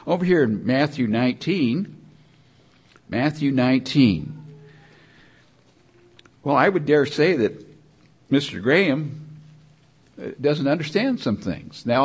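Older male preacher, mid pitch, loose rambling sermon delivery with restarts. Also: husky. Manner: rambling, repetitive, conversational preaching with frequent restarts.

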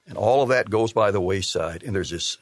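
A man preaching a sermon, reading scripture aloud and explaining it with measured, emphatic delivery. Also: lowish voice, no room sound. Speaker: pastor.

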